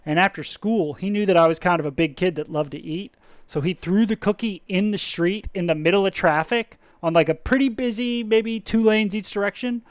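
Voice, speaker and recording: A man's voice: high voice, a little fast, dry recording. A man streaming a reaction video, chatting casually and telling anecdotes with frequent laughter. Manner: chatty, laughs often, acts out voices in anecdotes. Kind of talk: casual reaction chat with storytelling.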